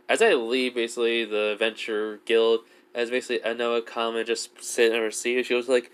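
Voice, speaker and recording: A man's voice: mid-range voice, flat delivery, fairly quick, hardly any pauses, clear, resonant tone. Rambling man telling fan fiction. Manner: rambling, heavy use of filler words. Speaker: fan storyteller.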